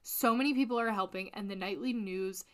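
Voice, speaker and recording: A woman co-hosting a casual true crime podcast, recounting a case in an animated, sweary way and laughing often. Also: mid-range voice, brisk. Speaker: podcast co-host.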